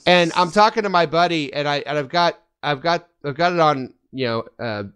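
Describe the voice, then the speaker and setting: A man hosting a casual fan podcast, running a trivia game and telling stories with quick laughs. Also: on the high side, clean tone. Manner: animated storyteller, quick laughs. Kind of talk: casual group chat.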